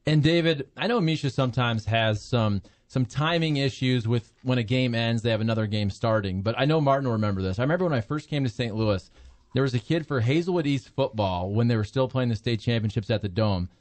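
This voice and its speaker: A male radio co-host recalling an old moment in a relaxed, conversational way. His voice sits at a middle pitch, and he speaks plainly. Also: fairly quick. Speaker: radio sports talk co-host. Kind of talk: casual sports talk.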